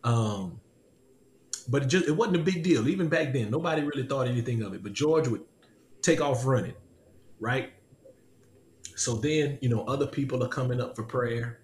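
A man's voice: medium pitch, normal speed, long pauses, darkish tone, slight background noise. A man telling a personal story with animation, laughing often and repeating his lines. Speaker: podcast host. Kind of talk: casual testimony chat. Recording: echoey room with faint ambience.

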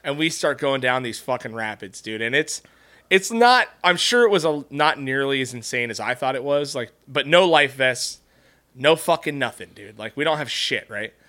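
Man, podcast host, bright forceful voice, swears a lot, casual storytelling. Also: mid-range voice, animated, normal speed. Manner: profane, storytelling, laughs often.

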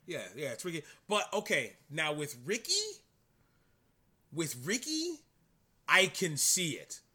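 A man's voice: on the high side, huge pitch swings, measured pace, bright, forceful tone, husky. A man co-hosting a wrestling podcast, chatting casually and politely cutting in with asides. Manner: polite interjections, apologizes for cutting in. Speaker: podcast co-host. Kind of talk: casual chat.

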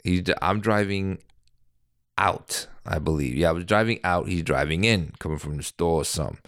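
A man's voice: low-pitched, normal speed, a bit bright, dry recording, studio quality. A middle-aged man telling a rambling story on his podcast, with profanity and constant self-corrections. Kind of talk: casual storytelling. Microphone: podcast microphone.

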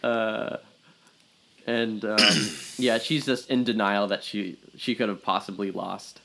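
A man's voice: lowish voice, steady tone, takes it slowly, creaky, a bit bright, low-quality recording. A man co-hosting a casual movie review podcast, recapping the plot in a rambling way with lots of fillers. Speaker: podcast co-host.

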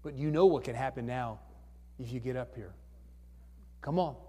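A man's voice: mid-range voice, moderate pace, dark tone, slightly rough. A male pastor leading an altar call, coaxing people to come forward with repeated questions. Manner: coaxing, repetitive, calls for hands again and again. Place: church sanctuary. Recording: church hall reverb.

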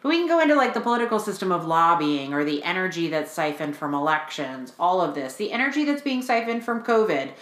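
Woman, low voice, frank and animated podcast chat with swearing, roomy echo. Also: fast, hardly any pauses.

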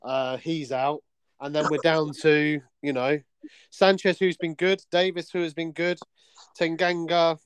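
A man's voice: on the high side, little pitch movement, measured pace, clear, resonant tone, no echo. A man hosting a casual football chat, blunt and sweary. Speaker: football podcast host.

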